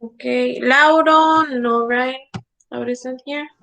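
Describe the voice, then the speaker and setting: Slow, bright-voiced woman teaching English. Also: sits high, fairly even intonation, gravelly. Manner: slow, repeating words for students to echo; checks understanding with frequent "okay?". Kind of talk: online class instruction.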